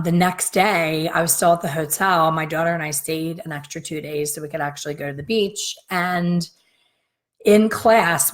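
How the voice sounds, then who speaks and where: A middle-aged woman with a slightly raspy voice tells a long, rambling story straight to her viewers. She talks casually and acts out the lines of the people in her story. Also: sits low. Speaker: hair colorist and business coach. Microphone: facing camera, talking straight to viewers.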